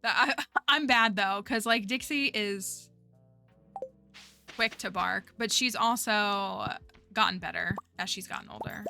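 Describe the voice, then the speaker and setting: A chatty woman livestreaming a game, thinking out loud and talking to her viewers in a bright, crisp voice. Her pitch sits in a middling range. Game music plays faintly behind her. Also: measured pace. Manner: chatty, thinks aloud and talks to her chat. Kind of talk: casual gameplay commentary.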